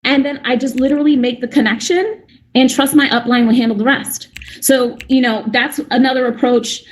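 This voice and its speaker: A woman's voice: high voice, fairly even intonation, normal speed. A young adult woman speaking at a real estate breakout session, chatty and full of restarts, acting out little conversations as she goes. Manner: chatty, fillers and restarts, acts out dialogue. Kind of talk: animated conference talk.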